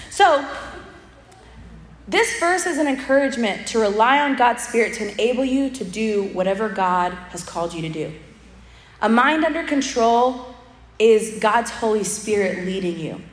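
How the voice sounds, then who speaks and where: A woman's voice: medium pitch, slight background noise. A young woman giving a humorous, chatty sermon with personal stories and many asides. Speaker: speaker at a church event. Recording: echoey hall with long reverb.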